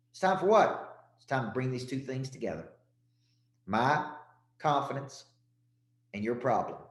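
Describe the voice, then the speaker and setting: A man's voice: mid-range voice, echoey room. A man with a Southern accent, a sales coach giving a punchy, repetitive motivational talk and calling out listeners by name.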